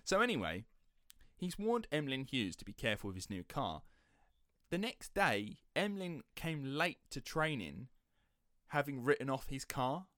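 A man's voice: mid-range voice, sing-song, measured pace, fairly bright tone, no echo, studio quality. A man hosting a podcast, telling a story in a chatty, sceptical way. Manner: chatty, sceptical, slips into quoted voices. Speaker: podcast host. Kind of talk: casual storytelling chat.

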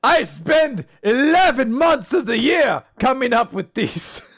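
Animated young man recapping with puns. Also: very high voice, takes it slowly, dry recording, clean studio sound. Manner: jokey, animated storytelling with corny puns. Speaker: podcast co-host. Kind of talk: casual manga recap chat.

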